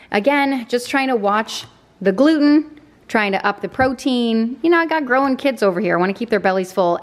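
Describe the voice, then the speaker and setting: Chatty rambling mom vlogger, woman. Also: mid-range voice. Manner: rambling, self-deprecating, lots of "okay?" asides. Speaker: mom vlogger showing a grocery haul. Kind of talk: casual chatty vlog.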